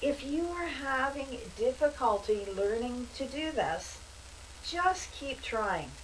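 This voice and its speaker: A woman calmly guiding a meditation and breathing exercise, with casual asides as she talks. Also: high-pitched. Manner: slow, calm, soothing delivery with casual asides. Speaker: meditation instructor. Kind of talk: guided meditation instruction. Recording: voice from a distance, faint background noise.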